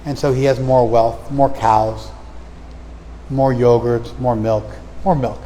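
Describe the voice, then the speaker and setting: A man giving a spiritual lecture. He recites verses slowly and then explains them in plain, conversational talk. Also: medium pitch, fairly even intonation, dark tone, big-room sound, a little hiss or hum, poor audio. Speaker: lecturer on scripture. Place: outdoor festival.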